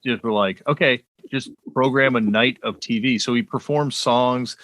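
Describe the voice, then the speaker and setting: A man's voice: mid-range voice, normal speed, fairly bright tone, dry recording. A man hosting a podcast in casual conversation, easygoing with brief encouraging replies. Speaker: podcast host.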